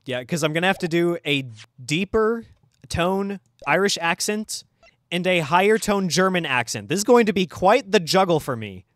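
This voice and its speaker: A man's voice: sits high, lively intonation, moderate pace, a bit bright, dry recording, clean studio sound. A man co-hosting a let's play in casual chat, eager and chatty.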